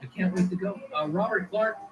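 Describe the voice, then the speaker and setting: A man's voice: sits high, brisk, background noise. A man hosting a casual livestream who rambles with many fillers and restarts while reading viewer comments aloud. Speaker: livestream host.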